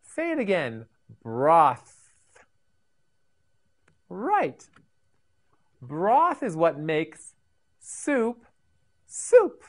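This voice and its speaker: A woman with a low voice teaching vocabulary to children, very slow and sing-song. Her pitch swoops widely as she repeats each word for learners to copy. She sounds like a scripted classroom lesson. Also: wildly swooping pitch.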